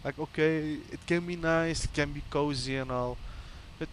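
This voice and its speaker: A man's voice: a little high, fairly even intonation, moderate pace, a little hiss or hum. A man whose first language is Dutch, chatting casually and thinking aloud as he runs cockpit checks while streaming a flight simulator. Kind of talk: casual gameplay commentary.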